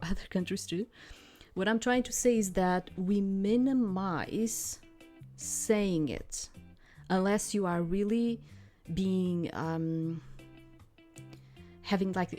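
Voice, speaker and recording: A woman with a slightly low voice talks casually over a game, wandering through long explanations and leaning on fillers. Faint game music plays underneath her chatter. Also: a little mellow. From outside the United States. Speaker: game streamer. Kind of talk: casual let's-play commentary.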